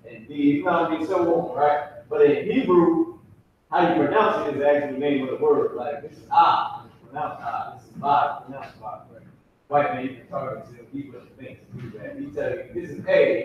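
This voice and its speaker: Guy teaching a class at a whiteboard, kinda high voice, slangy, repeats sounds slow, far off mic, muffled. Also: a little hiss or hum. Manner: loose and slangy, drills pronunciations by repeating them slowly. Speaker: language teacher. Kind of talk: casual classroom instruction. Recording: echoey room, distant and muffled.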